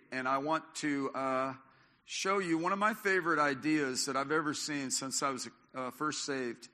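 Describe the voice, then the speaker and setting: A man's voice: mid-range voice, pushed and bright. An older man preaching a sermon as pastor, talking in a conversational way with many fillers and restarts. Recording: long hall reverb.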